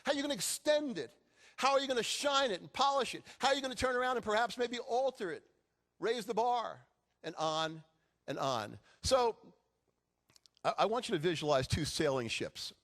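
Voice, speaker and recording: A man's voice: high-pitched, moderate pace. A middle-aged man giving a motivational speech to a live audience, telling stories with jokes. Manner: animated storytelling with jokes. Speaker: keynote speaker.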